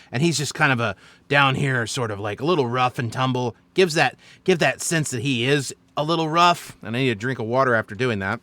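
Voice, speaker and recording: A man's voice: medium pitch, a bit bright, dry recording. A man as dungeon master, chattily recapping and explaining his choices on a stream. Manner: chatty, explaining with fillers and self-corrections.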